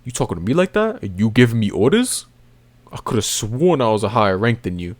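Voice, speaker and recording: A man's voice: lowish voice, big pitch swings, a little fast, no echo. A man voicing an indignant male army commander who answers back with mocking sass. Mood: sassy. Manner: mocking, sassy retorts.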